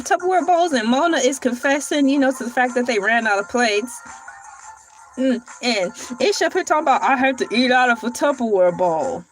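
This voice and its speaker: Woman commentator, high voice, sassy and teasing, light music underneath. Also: moderate pace. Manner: sassy, animated, teasing with exaggerated questions. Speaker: podcast reaction commentator. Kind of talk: casual reaction commentary.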